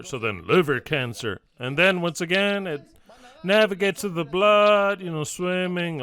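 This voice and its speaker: A man's voice: a little high, clean tone. A man preaching a sermon, emphatic and repetitive, acting out little stories as he goes. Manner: emphatic, repetitive, lively storytelling.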